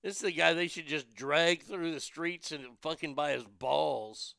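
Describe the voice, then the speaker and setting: A man's voice: fairly high pitch, measured pace, gravelly, pushed and bright, clear, resonant tone, no echo, studio quality. A man hosting a podcast, reading odd news stories and ranting about them with crude, profane, mocking outrage. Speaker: podcast host. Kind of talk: crude comedic news rant.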